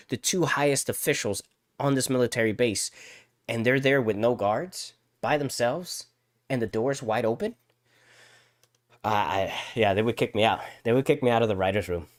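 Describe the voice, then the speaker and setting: A man co-hosting a live podcast, ranting in casual chat with many stammered restarts and exaggerated quoted voices. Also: fairly low pitch. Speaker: podcast co-host.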